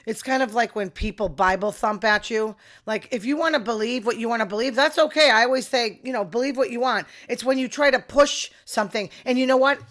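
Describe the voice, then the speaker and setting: A middle-aged woman hosts a podcast, delivering a casual, chatty opinion monologue laced with sarcastic asides and quotes of others done in voices. Her voice is mid-range and fairly bright.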